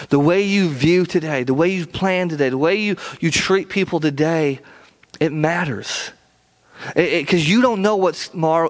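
A man delivers a sermon with earnest repetition. He often stumbles over his first words and restarts them. His voice sits a little higher than most men's. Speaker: pastor.

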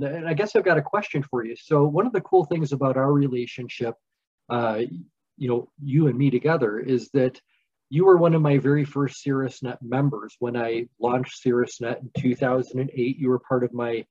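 A man's voice: medium pitch, a little mellow, slightly rough. A man hosting a podcast interview, asking long, rambling questions with restarts. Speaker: podcast host. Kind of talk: casual interview chat. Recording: dull lo-fi sound.

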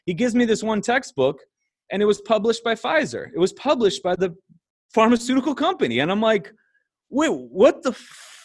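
A middle-aged man, a podcast guest, telling stories in a casual conversation, animated and laughing often. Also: sits high, a little fast, no echo, studio quality.

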